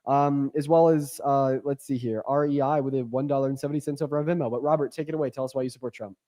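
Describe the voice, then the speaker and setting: A man's voice: medium pitch, steady tone, warm tone, no room sound. Young guy streaming live debates, rattles off words, dry close mic, says like a lot. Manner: fast, filler-heavy, blunt.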